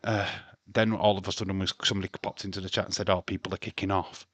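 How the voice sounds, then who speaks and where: Male streamer, slightly low pitch, dry sound; casual, sweary, ranting host. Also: little pitch movement, quick pace, a bit bright, breathy edge, dry recording. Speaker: wrestling livestream host. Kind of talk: casual livestream chat.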